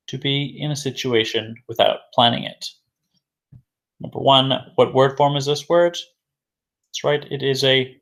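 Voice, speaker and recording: A male English teacher talks through a vocabulary lesson at an unhurried pace. His voice sits at an ordinary middle pitch. He repeats each new phrase and answers his own questions in a patient, measured way. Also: a bit bright. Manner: slow and deliberate, repeating key words; asks questions then answers them himself.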